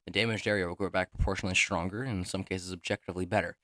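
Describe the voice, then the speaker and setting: Low-voiced guy reading out his character bios, quick and stumbly, mic clipping. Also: steady tone, fairly bright tone, no room sound, clean studio sound. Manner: halting, filler-heavy, self-deprecating. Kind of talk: casual reading aloud. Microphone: clipping, overdriven mic.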